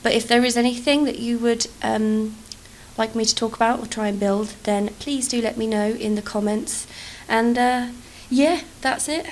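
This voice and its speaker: A young woman YouTuber from England talks casually over a game, rambling, self-deprecating and freely profane, with an accent that moves between posh and Cockney. Her slightly high voice has fairly even intonation and a moderate pace, with a little hiss or hum underneath.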